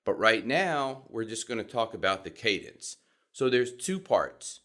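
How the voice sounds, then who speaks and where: A middle-aged man with a Southern US accent, teaching voice technique in a calm, measured, deliberate way. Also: lowish voice. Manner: calm, measured and deliberate, demonstrating vocal examples. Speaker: voice coach. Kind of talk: instructional talk.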